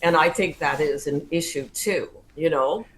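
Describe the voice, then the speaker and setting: A woman's voice: low-pitched, moderate pace, poor audio. A woman co-hosting a talk show, speaking in a hesitant, searching way. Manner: hesitant, full of fillers. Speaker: co-host. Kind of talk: casual interview chat.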